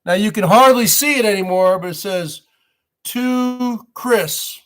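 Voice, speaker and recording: A man's voice: high voice, measured pace, fairly bright tone. A man hosting his own live stream, rambling to viewers as "folks" with repeated rhetorical questions. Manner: addresses audience as folks. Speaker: livestream host.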